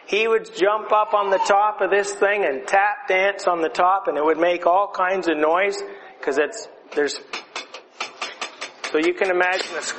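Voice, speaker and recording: A man telling a lively story to a group of children in a conversational way, showing objects as he goes. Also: high voice, measured pace. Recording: reverberant hall, faint noise.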